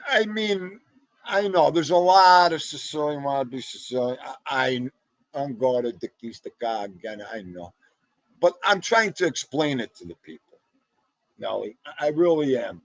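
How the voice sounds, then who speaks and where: A middle-aged livestream host with a North Jersey accent rambles through casual chat, greeting viewers by name with animated Italian-American slang. His medium-pitched voice moves at a moderate pace with no room sound.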